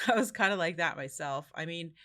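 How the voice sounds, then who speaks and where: Lively, bright-voiced woman host. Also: fairly low pitch, fairly quick. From Finland. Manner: friendly, laughs often. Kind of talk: casual interview.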